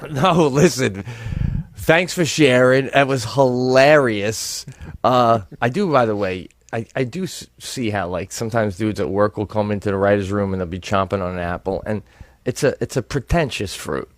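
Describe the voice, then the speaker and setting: A middle-aged man co-hosting a comedy podcast, telling animated stories in casual chat with some swearing. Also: on the low side, normal speed, dry recording, studio quality. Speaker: podcast co-host.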